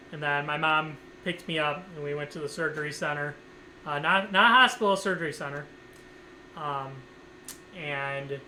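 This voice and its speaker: A man's voice: on the high side, pushed and bright, slight background noise, rough recording. A man vlogger telling a casual story time, rambling with lots of fillers and swearing freely.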